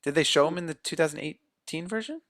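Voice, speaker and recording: A man's voice: on the high side, fast talker, fairly bright tone. Rambling, profane male podcast host. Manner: rambling, profane, searches for words. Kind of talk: casual movie review chat.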